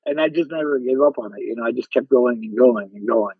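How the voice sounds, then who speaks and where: Guesting on a podcast, an actor animatedly tells stories and does the voices of the people he quotes, in a casual interview. His mid-range voice moves briskly with few pauses, in lo-fi audio without any room sound.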